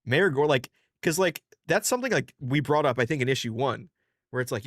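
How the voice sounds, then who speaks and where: A man's voice: mid-range voice, expressive, brisk, no room sound, studio quality. A man co-hosting a comics podcast, rambling in a laid-back way and swearing freely. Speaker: podcast co-host. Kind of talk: casual comics podcast chat.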